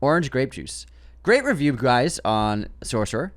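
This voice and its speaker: Laughing man reading comments, lively pitch. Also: measured pace. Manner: reads listener comments aloud with frequent laughter. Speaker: podcast co-host. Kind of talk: casual chat.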